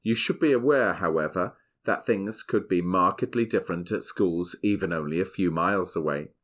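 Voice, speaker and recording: Host, middle-aged man, lowish voice, reads a prepared script in a measured way. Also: fairly bright tone. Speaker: podcast host. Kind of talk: scripted podcast narration and family chat.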